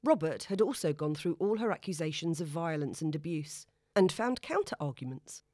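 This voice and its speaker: A woman reading a story aloud in a steady, even narration. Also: low-pitched, normal speed, dry recording, clean studio sound.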